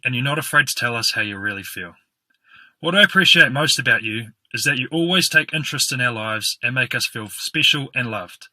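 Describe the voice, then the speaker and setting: A young man, giving an upbeat, smoothly scripted tribute to his grandmother. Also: medium pitch, sharp tone, dry recording. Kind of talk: heartfelt family tribute message.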